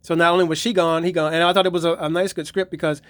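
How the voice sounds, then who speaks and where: A man's voice: on the high side, level tone, racing, no room sound. A man casually reviewing his DVD collection, rambling and swearing as he retells episodes.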